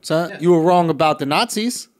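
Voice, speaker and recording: A man co-hosting a comedy podcast, teasing his friends and spinning absurd made-up stories in crude banter. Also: a little high. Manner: teasing, quick to mock. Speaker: podcast co-host.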